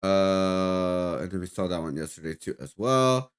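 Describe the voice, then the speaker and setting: A man's voice: low-pitched, expressive, measured pace, clean tone. A man streaming, telling a rambling story in casual chat with lots of fillers and swearing.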